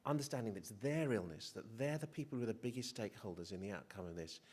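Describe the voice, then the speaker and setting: A man's voice: on the low side, lively intonation, quick pace, a little mellow. A middle-aged male physician giving a conference presentation, hesitant and prone to restarts, with self-deprecating humour. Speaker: physician speaker. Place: conference hall.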